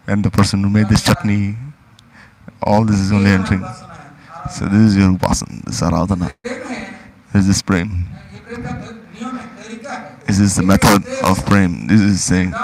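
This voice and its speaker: A man's voice: fairly low pitch, darkish tone, low-quality recording. A man giving a devotional discourse, pressing his listeners with repeated rhetorical questions. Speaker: spiritual teacher.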